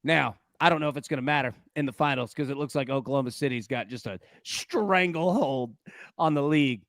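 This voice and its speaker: A man hosting a sports betting show, talking in a casual, animated, joking way. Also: mid-range voice, a little fast, dry recording.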